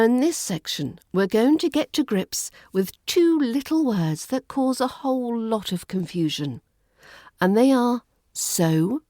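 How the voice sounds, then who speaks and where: British woman, accent-coach host, unhurried and precise, dry close mic. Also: medium pitch, a little mellow, no echo. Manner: clear, deliberate teaching delivery. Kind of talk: podcast lesson.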